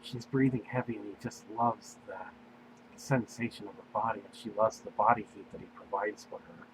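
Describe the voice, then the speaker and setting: A man reading his own fan fiction aloud, unhurried and meandering, with fillers. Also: on the low side, fairly even intonation, noisy background. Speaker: story reader.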